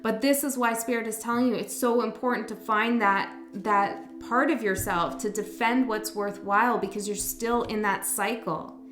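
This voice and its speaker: Gentle, rambling woman tarot reader. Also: fairly high pitch, steady tone, normal speed, few pauses. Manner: gentle, rambling, self-correcting, soft laughs. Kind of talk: casual tarot reading. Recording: echoey room with faint music.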